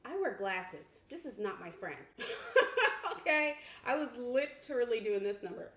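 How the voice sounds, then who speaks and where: A woman's voice: fairly high pitch, normal speed. Chatty woman reviewing sewing gear. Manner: chatty and expressive, with laughs and exclamations. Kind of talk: casual product review. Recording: echoey room.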